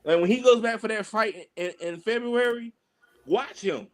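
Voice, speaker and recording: A wrestler guesting on a podcast tells casual stories in a high voice at normal speed. He's animated and loose, using slang and lots of fillers, and imitates the people in his tales.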